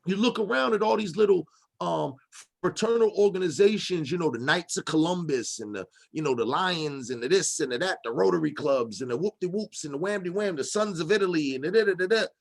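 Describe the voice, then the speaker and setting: A man's voice: on the high side, expressive, a little fast, gravelly. A man hosting a casual panel discussion, rambling with many fillers and restarts. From Boston. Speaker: discussion host.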